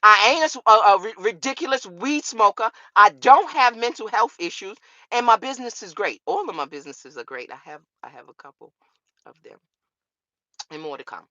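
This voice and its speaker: A woman's voice: on the high side, expressive, a little fast, pushed and bright, highs cut off. A woman vlogger, ranting straight to camera on her law channel with profanity and rhetorical questions. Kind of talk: casual straight-to-camera rant.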